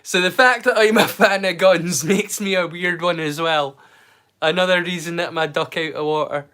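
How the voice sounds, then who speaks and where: A British man with a slightly higher voice hosts a casual live stream. He rambles and jokes at his own expense in a relaxed, chatty tone. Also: moderate pace, clean tone. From United Kingdom. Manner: jokey, rambling, self-mocking. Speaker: livestream host. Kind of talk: casual live watch-along chat.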